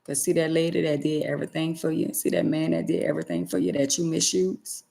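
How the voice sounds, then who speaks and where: Talking quickly with vocal fry, a woman vlogger with a low, mellow voice and fairly even intonation scolds her audience straight to camera in a preachy tone, driving her points home by repeating them emphatically.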